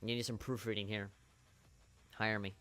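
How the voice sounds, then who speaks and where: A man's voice: fairly low pitch, little pitch movement, moderate pace, pushed and bright. A man streaming a video game live, rambling with wry, profane commentary.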